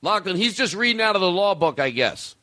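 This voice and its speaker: A man's voice: high-pitched, lively intonation, brisk, bright, forceful tone, no echo. A man hosting a comedy podcast, rambling in an exasperated, profane way. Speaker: podcast host.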